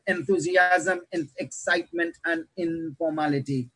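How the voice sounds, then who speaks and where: A man, himself a pastor, lecturing other pastors on how to preach, with animated teaching that shifts pace and loudness. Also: on the high side, a little slow, husky, rough recording.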